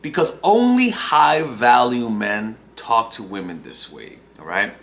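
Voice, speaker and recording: Lively, bright-voiced young male coach. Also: medium pitch, measured pace. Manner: talks in loose restarts and checks in with "right?". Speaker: dating coach. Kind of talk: casual monologue to camera.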